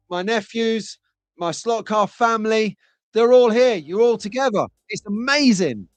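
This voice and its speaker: A middle-aged man hosts a live stream from his home. He chats and jokes with viewers in a slightly high voice. His dry close-miked sound sits over faint background music. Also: no echo. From England. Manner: chatty, jokey, reads out chat comments. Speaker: host of a live slot car stream. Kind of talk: casual live-stream chat.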